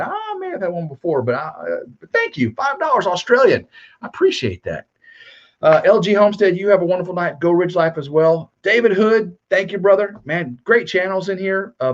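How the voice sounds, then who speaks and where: A man's voice: high-pitched, lo-fi sound. A man hosting a livestream, casually and cheerfully thanking viewers by name in a rambling way. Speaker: YouTube livestream host.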